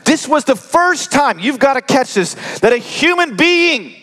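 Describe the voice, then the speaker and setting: A middle-aged man preaching a sermon, joking with the congregation and swinging from loud emphasis down to hushed whispers. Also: very high-pitched, big pitch swings, unhurried. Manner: conversational, joking asides to the congregation. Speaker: pastor. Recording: long reverb of a large hall.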